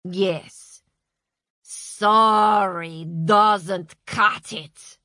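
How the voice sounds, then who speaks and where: A woman voicing a stern, bossy woman who lectures slowly and loudly. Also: fairly high pitch, expressive, dry recording, voice pushed up, heavily acted. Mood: snarling. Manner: slow, loud, lecturing. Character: stern bossy woman running a corporate-style session.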